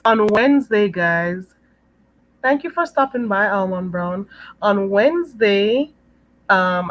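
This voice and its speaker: A woman's voice: fairly low pitch, fairly bright tone, rough recording. A Jamaican woman hosting a live stream, chatting casually with viewers, laughing often and calling them "girl.". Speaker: livestream host. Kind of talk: live-stream chat reading comments.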